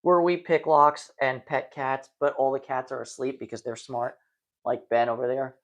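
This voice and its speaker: A man's voice: medium pitch, level tone, moderate pace, highs cut off. A tired man chatting casually on a live stream, rambling and poking fun at himself. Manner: rambling, self-deprecating, tired.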